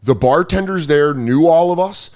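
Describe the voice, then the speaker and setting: A man hosting a podcast, telling a story in casual chat, swearing freely and acting out the people he quotes with sudden jumps in pitch. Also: normal speed, a little mellow. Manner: profane. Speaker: podcast host.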